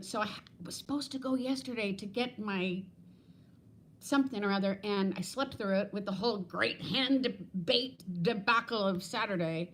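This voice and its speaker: A woman's voice: medium pitch, normal speed, a bit bright, a little hiss or hum. A woman in her fifties hosting a casual livestream from home on her phone, chatting in a rambling way, laughing often and greeting viewers by name. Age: 50s. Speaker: livestream host.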